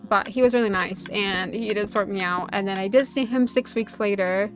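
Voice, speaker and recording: A woman chats casually while streaming a game from her home setup, rambling through a story with frequent "like" fillers. She speaks at a middling pitch into a desk microphone, with soft music playing faintly underneath. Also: normal speed. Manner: chatty storytelling, full of "like" fillers. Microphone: desk USB microphone. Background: faint background music.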